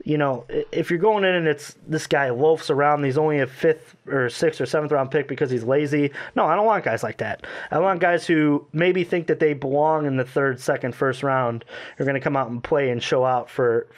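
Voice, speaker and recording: A man co-hosting a casual sports podcast, talking in a rambling, animated way and often correcting himself. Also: fairly high pitch, moderate pace. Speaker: podcast co-host.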